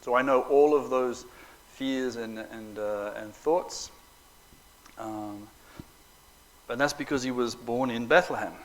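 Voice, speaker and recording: A middle-aged man telling personal stories to an audience at a Bible school, animated and joking, acting out the quotes. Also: mid-range voice, takes it slowly, a little hiss or hum, low-quality recording. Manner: animated storyteller, acts out quotes, joking asides. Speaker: preacher. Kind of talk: storytelling talk to an audience.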